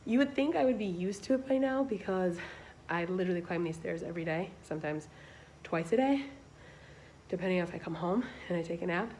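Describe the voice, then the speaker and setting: A woman's voice: on the low side, a little fast, darkish tone, a little hiss or hum. A young woman chatting casually in a vlog, out of breath and rambling with lots of "like". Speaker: vlogger.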